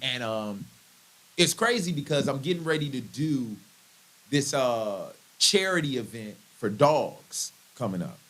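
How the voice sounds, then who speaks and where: A man, a comedian guest, telling a funny story in an animated, chatty way and laughing often. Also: mid-range voice, unhurried. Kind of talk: comic storytelling in conversation.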